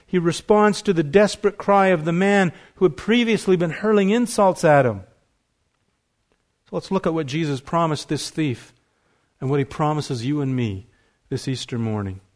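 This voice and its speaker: A man preaching an earnest sermon as a pastor, swelling louder at key points. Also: high voice.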